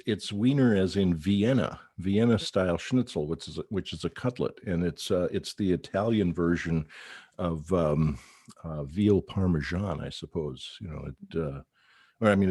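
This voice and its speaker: A man's voice: low-pitched, a little mellow, slightly rough, no echo, studio quality. A man in his sixties hosting a casual radio chat, rambling with many fillers and restarts. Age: 60s. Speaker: radio show host.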